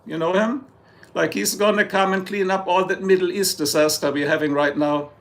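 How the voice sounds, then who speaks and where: German-accented man, high voice, live-stream host, joking and rambling, chatting with viewers. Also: fairly even intonation, moderate pace, vocal fry, a bit bright. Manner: joking, rambling, reads and answers chat. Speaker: livestream host. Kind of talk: casual live-stream chat.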